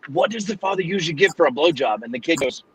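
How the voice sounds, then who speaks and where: A man's voice: on the high side, animated, fast talker, a crowd in the background, poor audio. A man telling a long joke in casual chat, rambling and acting out the characters' voices. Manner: rambling storyteller, acts out voices.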